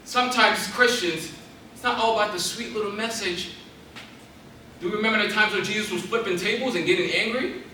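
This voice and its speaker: A man's voice: sits high, fairly quick, pushed and bright, distant mic, a little hiss or hum. Intense young man preaching in an echoey hall. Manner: intense, preacherly, rising to emphatic exhortation. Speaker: guest speaker. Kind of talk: motivational Christian talk. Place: large hall with audience.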